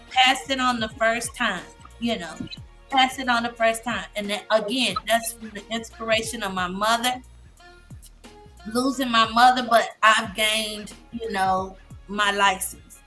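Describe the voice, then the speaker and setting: Emotional woman with a bright voice. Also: a little high, soft background music. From Massachusetts. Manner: halting, many fillers and restarts. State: emotional, near tears. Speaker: guest speaker, licensed therapist. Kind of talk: emotional personal testimony on a live show.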